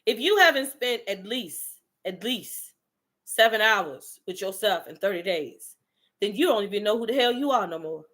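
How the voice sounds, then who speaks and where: A woman's voice: mid-range voice, expressive, normal speed, a bit bright. A woman giving a fiery motivational monologue, blunt and profane, calling out her listeners directly and preaching tough love. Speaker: motivational speaker.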